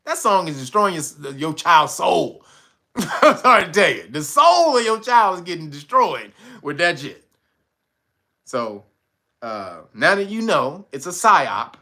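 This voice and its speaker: A man's voice: fairly high pitch, very animated, unhurried, pushed and bright. A man hosting a livestream commentary, profane and mocking, laughing often and talking to his chat. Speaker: channel host. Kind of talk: livestream commentary reading news.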